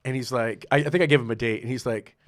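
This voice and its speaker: A man's voice: mid-range voice, steady tone, fast talker, no echo, studio quality. A middle-aged man, a guest on a podcast, telling a story in casual talk, acting out the people he quotes and laughing often.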